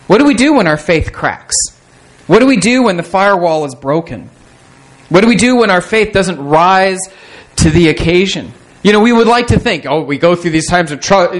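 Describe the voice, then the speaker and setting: A man preaching in a loose, conversational way, with a voice sitting a little higher than most men's. He pokes fun at himself and keeps restarting sentences as he talks to his congregation. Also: poor audio. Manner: conversational, self-deprecating, with repeated restarts. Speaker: pastor. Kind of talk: sermon.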